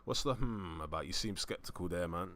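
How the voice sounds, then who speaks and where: A man hosting a live stream in a casual, laid-back way, reading out viewer messages and giving slang shout-outs. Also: low-pitched, animated, a little fast, slight background noise. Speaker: stream host.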